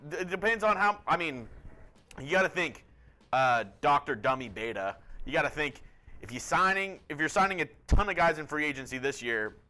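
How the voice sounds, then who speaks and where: A male co-host on a live sports stream, his voice bright and forceful at a middle pitch. He reads out viewer comments and thinks them through aloud in a casual way. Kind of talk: live sports news chat.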